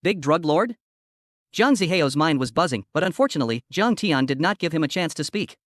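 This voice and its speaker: A man narrating a story recap in a rapid, even storytelling read. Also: a little high, no room sound, studio quality.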